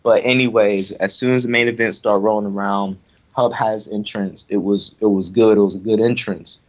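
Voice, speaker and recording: A man's voice: fairly low pitch, steady tone, moderate pace. A young man ranting angrily in casual talk, repeating himself as he vents about an online wrestling event. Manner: angry, repetitive, ranting. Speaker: online wrestling league member. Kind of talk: heated casual rant. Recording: dull lo-fi audio.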